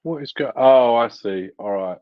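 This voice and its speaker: A man co-hosting a football watchalong, chatting casually and quickly with playful asides. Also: mid-range voice, clean tone, no room sound, lo-fi sound. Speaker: watchalong co-host. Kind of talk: casual chat over a live match.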